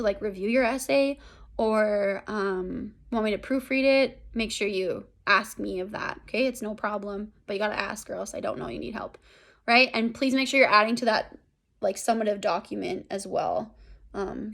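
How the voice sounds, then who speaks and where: A woman's voice: medium pitch, creaky. A young woman teaching an English class in a recorded lesson. She talks casually, uses a lot of fillers and keeps checking in with "right?".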